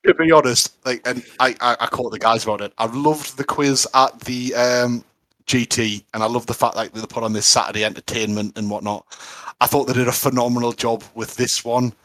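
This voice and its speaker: A man's voice: mid-range voice, fairly even intonation, a little fast, a bit bright, no echo. A man, co-hosting a podcast in enthusiastic casual chat, with lots of fillers. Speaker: podcast co-host.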